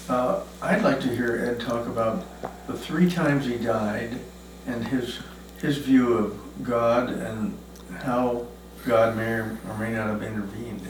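A male interviewer off camera, asking a question in a soft, hesitant way. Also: mid-range voice, slight background noise. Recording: distant roomy mic with faint ambience.

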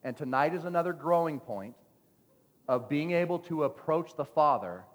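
A male pastor with a fairly high voice that rises and falls in lively swings as he jokes with his congregation. The sound carries a long echo from a large church hall. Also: moderate pace. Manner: playful, joking with the congregation. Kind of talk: lively sermon with stories. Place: church sanctuary.

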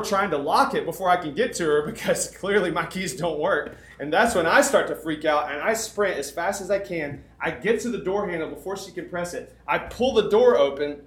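A young man preaching a sermon, telling a story and acting out the people in it with lively dialogue. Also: sits high. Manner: animated storyteller, acts out dialogue. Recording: echoey room.

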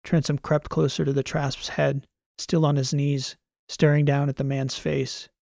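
A man reading a science fiction story as an audiobook narrator, in a measured, even way. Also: fairly high pitch, creaky, no echo, studio quality. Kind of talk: scripted narration.

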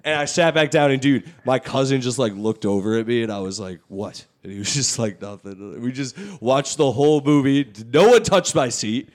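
A man's voice: mid-range voice, fairly quick, few pauses. A young man hosting a podcast, telling a profanity-laden story and acting out the people in it. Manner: profane storytelling, animated reenactments. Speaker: podcast host. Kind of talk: casual podcast chat.

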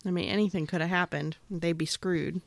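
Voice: medium pitch, steady tone, brisk, gravelly, no room sound, studio quality. A co-host of a podcast chatting casually about a film, mostly giving brief, agreeable reactions.

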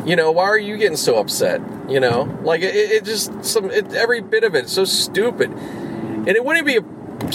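A man's voice: fairly high pitch, background noise. A man ranting casually, swearing often and rambling through half-finished thoughts. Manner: profane, rambling, exasperated. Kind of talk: casual rant.

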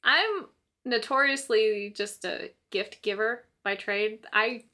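Speaking slowly with a fairly high pitch, a young woman chats casually as a co-host. She's a lively storyteller who laughs frequently and voices her younger self as she recounts events.

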